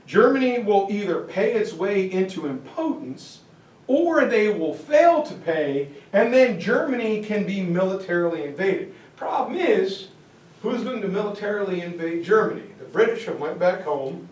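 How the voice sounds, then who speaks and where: A man teaching a history class in a lively way, acting out quotes as he explains. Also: high voice, moderate pace. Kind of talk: classroom lecture. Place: lecture room. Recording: echoey room, voice from far off.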